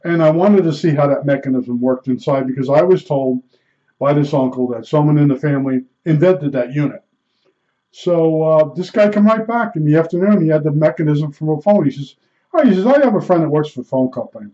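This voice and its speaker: A rambling, folksy man chats through a loose monologue, full of fillers and restarts. His voice sits a bit high yet sounds mellow and dark. The recording is muffled and lo-fi. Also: brisk. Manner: imitates beeps with his mouth. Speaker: storyteller. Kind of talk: casual monologue. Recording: dull lo-fi recording.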